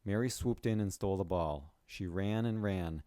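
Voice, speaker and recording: Low-voiced man narrating a story. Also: normal speed, mellow, no echo, studio quality. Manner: plain storytelling read. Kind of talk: scripted narration.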